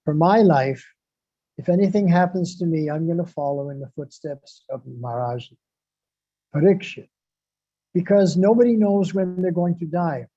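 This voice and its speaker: A man's voice: a little high, animated, moderate pace, mellow, no room sound. A man giving a devotional sermon, repeating phrases for emphasis and reciting Sanskrit verses. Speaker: devotional speaker. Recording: dull lo-fi, dry sound.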